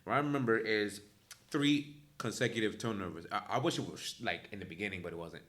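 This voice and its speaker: Blunt low-voiced young man talking football. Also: fairly quick, a bit bright. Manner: blunt, profane, joking. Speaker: podcast co-host. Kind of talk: casual sports chat.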